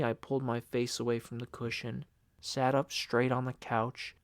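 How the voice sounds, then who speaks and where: A man's voice: mid-range voice, creaky, darkish tone, no echo, studio quality. A man narrating an audiobook in the first person, emotional and upset.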